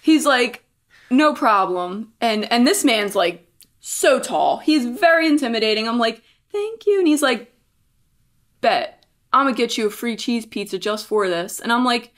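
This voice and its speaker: A young woman co-hosting a podcast, telling a story in a lively, animated way and acting out what people said. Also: measured pace. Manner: animated storyteller, acts out quotes in high voices. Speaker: podcast co-host. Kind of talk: casual storytelling chat.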